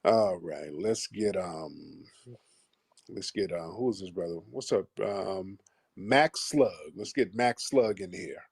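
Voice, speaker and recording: A man hosting a live call-in stream, mocking and insulting his callers bluntly with slow, drawn-out put-downs. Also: deep voice, creaky, darkish tone, husky, no room sound, studio quality. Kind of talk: combative call-in show talk.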